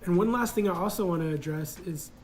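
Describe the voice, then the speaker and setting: A man's voice: high-pitched, fairly quick, a little hiss or hum, rough recording. A man casually telling a personal story in a reflective, hesitant way, full of fillers.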